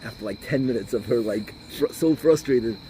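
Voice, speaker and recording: A middle-aged rabbi talks in a combative, animated way, telling stories as he lectures. He drops Yiddish and Hebrew words as he goes. His pitch sits in a middle range, with faint noise in the background. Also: normal speed, low-quality recording. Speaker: rabbi giving a talk. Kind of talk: informal lecture with storytelling.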